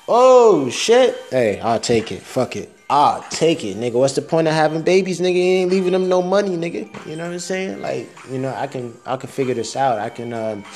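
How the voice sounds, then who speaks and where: A man's voice: mid-range voice, fairly quick, a little mellow, faint music behind. A young man rambling through a casual, profane audio diary, laughing at his own jokes.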